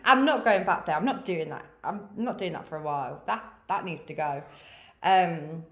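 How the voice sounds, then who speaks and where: A woman's voice: lowish voice, moderate pace, echoey room. A woman of thirty giving a frank, motivational pep talk as a podcast host. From England. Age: 30s. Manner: frank, swears freely, big-sister tone. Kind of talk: candid motivational chat.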